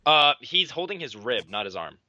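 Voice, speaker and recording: A man's voice: medium pitch, moderate pace, no room sound, muffled recording. A man co-hosting a podcast, playfully commenting on grappling matches with a friend. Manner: lively, playful, teasing. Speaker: podcast co-host. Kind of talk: casual live commentary chat.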